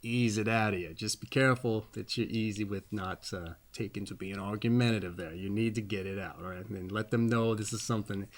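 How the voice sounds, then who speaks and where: A man's voice: fairly low pitch, steady tone, brisk, hardly any pauses. A man giving a casual, rambling birthday astrology reading as host, folksy and often checking in with "all right?" while laughing at his own jokes.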